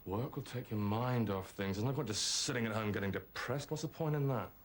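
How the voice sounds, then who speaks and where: A man's voice: on the low side, brisk, close to an everyday voice. Placating British husband, a man playing him. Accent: British English. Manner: soothing and placating. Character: awkward husband trying to calm his wife. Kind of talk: British TV drama acting.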